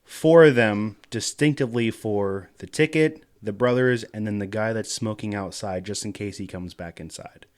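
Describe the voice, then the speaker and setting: A man playing a tabletop game, eager and lively. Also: fairly low pitch, moderate pace, hardly any pauses. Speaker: player.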